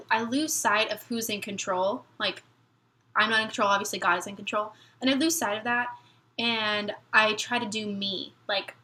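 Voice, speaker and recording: A young woman talks straight to her viewers in a slightly high, bright voice. She rambles and halts, fighting back tears as she speaks. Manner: rambling, halting, tearful. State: near tears. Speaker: military spouse vlogger. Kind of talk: emotional personal vlog talk.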